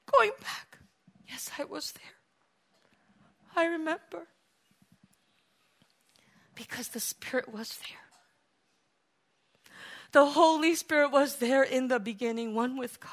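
Impassioned high, bright-voiced woman preacher. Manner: impassioned, swinging from hushed to shouting, sometimes tearful. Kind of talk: emotional sermon.

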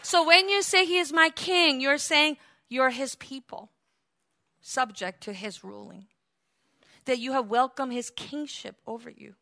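A woman preaching a fervent sermon, leading the congregation in call-and-response and rising to loud cries of praise. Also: sits high, unhurried, vocal fry.

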